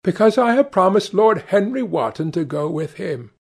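A man voicing an earnest, impressionable young gentleman, speaking eagerly in a raised voice. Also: high voice, sing-song, normal speed, creaky, slightly rough, pitched above the performer's own voice, heavily acted.

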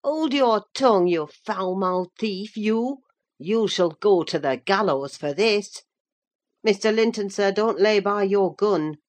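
A blunt, rough manservant full of accusations, as a woman reading a novel puts him on. Close to the reader's own voice, with little change. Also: mid-range voice, slow pace, close to an everyday voice. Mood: angry. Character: rough male servant, suspicious and blunt.

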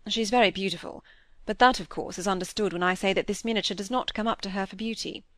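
A gallant bachelor gentleman of a period novel, as a woman narrator puts him on, polite yet pressing with his questions. The voice is dry and close, with no room around it. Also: medium pitch, fast, no room sound, lightly acted. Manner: courteous, probing. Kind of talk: audiobook character reading.

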